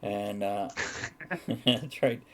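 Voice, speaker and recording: A man's voice: fairly low pitch, fairly even intonation, extremely slow, a bit bright, a little hiss or hum. A man hosting a podcast, casually reading out viewer comments and joking with frequent laughter. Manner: jokey, laughs often, reads viewer comments aloud. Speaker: podcast host reading chat. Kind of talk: casual chat.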